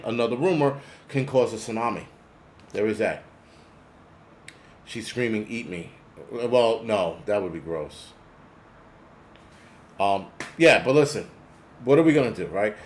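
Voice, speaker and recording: A man talks off the cuff in a mid-pitched voice, rambling and cursing as he answers his viewers. Faint room ambience sits behind him. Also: darkish tone, slight background noise. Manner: rambling, profane, reads chat names aloud. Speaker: host of a prepper channel. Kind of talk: casual live-stream chat.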